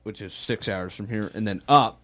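A man's voice: lowish voice, moderate pace. A young man co-hosting a radio show, bantering casually and teasing his co-hosts. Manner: teasing, animated, jokey.

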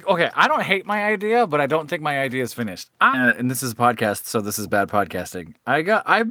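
A man throwing out character ideas on a podcast, swinging his pitch widely and laughing at himself. His voice is bright and sounds close and dry. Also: quick pace, no room sound. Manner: animated, laughing, self-deprecating. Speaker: player. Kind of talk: casual podcast chat.

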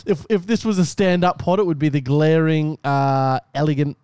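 Jokey male podcast co-host, high pitched, close and dry. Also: steady tone, normal speed, a little mellow, clear, resonant tone, no room sound. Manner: laid-back, jokey. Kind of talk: casual podcast banter.

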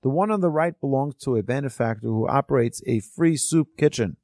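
A helpful passerby, as a man puts him on gives plain, matter-of-fact directions in an everyday male voice. He speaks slowly. The sound is dry and close. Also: medium pitch, a little mellow, no room sound, lightly acted.

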